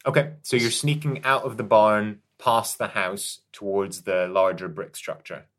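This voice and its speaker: Man, low voice, game master, tabletop narration, laughs a lot. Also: steady tone, measured pace, a bit bright. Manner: descriptive narration, laughs often.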